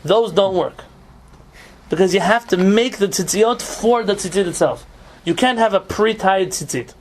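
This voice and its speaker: A man's voice: sits high, normal speed, slight background noise. A man teaching an informal religious law class as rabbi, explaining with rhetorical questions and Hebrew terms.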